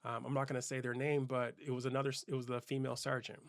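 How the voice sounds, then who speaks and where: Man, 40s, host: gravelly, dry-miked, relaxed storyteller who restarts sentences often. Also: medium pitch, racing, no echo. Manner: casual, loose, with frequent fillers and restarts. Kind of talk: personal storytelling.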